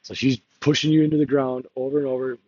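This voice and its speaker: Rambling husky-voiced man. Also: medium pitch, level tone, fast talker, a little mellow, lo-fi sound. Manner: candid, laughs often, drifts between topics. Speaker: political candidate. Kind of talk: rambling confessional monologue.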